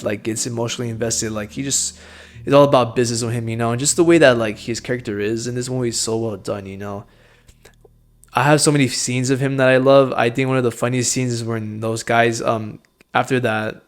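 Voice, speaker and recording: A young man casually reviewing a film, full of enthusiasm and loose slang. His voice sits at an ordinary middle pitch, with light swearing and constant dude and bro. He talks like he is chatting with a friend.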